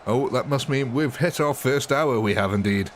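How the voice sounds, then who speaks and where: A man's voice: mid-range voice, normal speed, a little hiss or hum. A man livestreaming a game, chatting casually and rambling to his viewers, greeting them by name and laughing often. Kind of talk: casual live gameplay chat with viewers.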